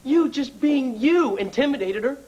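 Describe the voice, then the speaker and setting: A resentful young son throws out sharp accusations. He is a soap drama character with plain, clear speech. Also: extremely high pitch, animated, moderate pace, lo-fi sound, heavily acted. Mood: bitter. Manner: bitter, accusing. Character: bitter young adult son.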